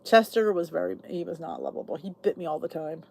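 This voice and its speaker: A woman's voice: on the low side, lively intonation, fast talker, gravelly, dark tone. Chatty woman hosting a live chat. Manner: chatty, reads out viewer comments. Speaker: YouTube channel host. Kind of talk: casual live chat with viewers.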